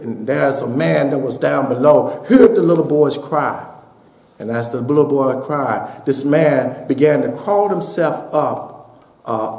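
A man preaching a sermon as pastor, building to shouted peaks and dropping to a hushed voice for a story. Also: mid-range voice, roomy sound. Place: church sanctuary.

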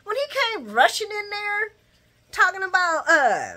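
A woman hosting a daily soap opera recap, talking straight to her viewers in an animated, opinionated way. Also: very high voice, unhurried. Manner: animated and opinionated, talks to viewers as guys and y'all, acts out retorts. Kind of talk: casual chat, daily show recap.

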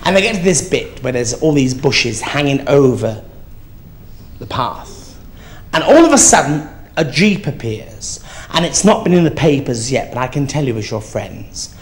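On a theatre stage before an audience, a male drag comedian performs stand-up in character as a crude, gossiping old granny, camp and swearing freely. His medium-pitched voice is sing-song, lightly acted and gossipy at a moderate pace.

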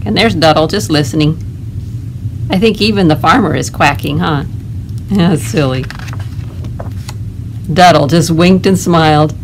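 A woman librarian leading a toddler storytime, reading a picture book aloud in a gentle, animated way. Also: deep voice, normal speed, pauses often, slight background noise. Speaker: children's librarian.

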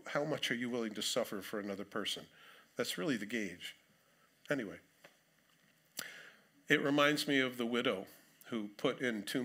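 Male pastor, medium pitch, crisp and bright, conversational church sermon with wry humor. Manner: conversational preaching with dry humor asides. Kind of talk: sermon with scripture reading. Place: church sanctuary.

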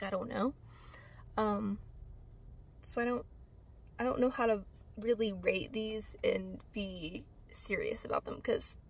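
A young woman vlogger rambling through a casual product review, chatty and full of fillers, quick to get exasperated. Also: a little high, slight background noise. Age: young adult.

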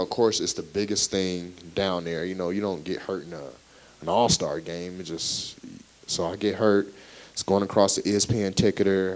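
A young man with a fairly low voice gives his faith testimony to a church congregation. He tells it as a lively story, voicing the people in it as he goes. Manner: animated storytelling that acts out quoted dialogue. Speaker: guest speaker at a church. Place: church service, recorded live.

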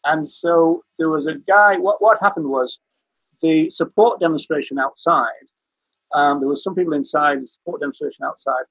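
A man's voice: on the high side, normal speed, fairly bright tone, slightly rough, no echo, poor audio. A man telling a rambling courtroom anecdote on a video call, restarting his sentences often. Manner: rambling storyteller, frequent restarts, chuckling. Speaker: interview guest, veteran activist.

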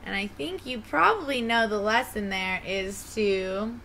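A woman, a teacher, reading a children's storybook aloud in a gentle, expressive way. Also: mid-range voice, a little slow, slight background noise.

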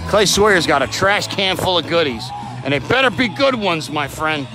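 A rowdy, excitable man chattering loudly at ringside during a live wrestling show. His voice sits fairly high and leaps around all over the place. Loud music plays behind him on the phone recording. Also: normal speed, rough recording. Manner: rowdy, excitable, swears freely. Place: indoor wrestling event in a crowd.

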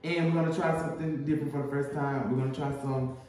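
Southern male host, relaxed joking banter, slightly high, roomy distant sound. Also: quick pace. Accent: Southern American. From American South. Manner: laid-back, teasing banter. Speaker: mukbang host. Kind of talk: casual chat while eating. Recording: echoey room, off-mic, faint noise.

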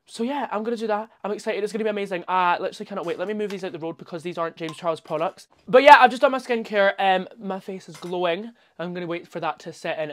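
A casual handheld phone vlog from a man who performs in drag: his voice sits high, and he's chatty and excitable, constantly saying "um" and "literally."

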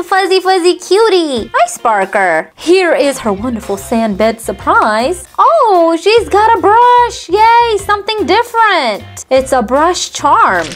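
A woman hosting a toy unboxing video, cheerfully talking straight to the viewers. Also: extremely high pitch. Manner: cheerful, addresses viewers directly. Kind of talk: casual unboxing narration.

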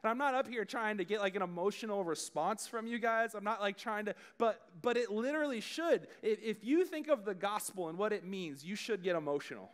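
A man's voice: high voice, expressive, a little fast, few pauses. A man preaching a youth sermon, talking conversationally and addressing the room directly. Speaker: youth pastor.

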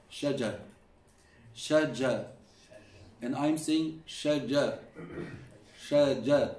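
Middle-aged guy teaching a recitation class, patient, keeps repeating sounds, mellow tone, far from the mic in an echoey room. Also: on the high side. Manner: patient, demonstrates sounds repeatedly and coaches students. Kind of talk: classroom lesson on pronunciation.

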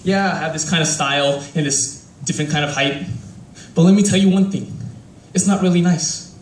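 A man's voice: on the high side, a little fast. A young man performing a live spoken word piece in a rhythmic, rhyming, heartfelt delivery, standing before a crowd. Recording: echoey room from a distant mic.

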